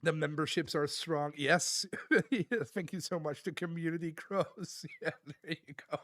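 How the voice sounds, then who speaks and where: A man live-streaming, reading chat aloud and thanking viewers in a relaxed, laughing manner. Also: a little high, measured pace, dry recording, clean studio sound. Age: adult.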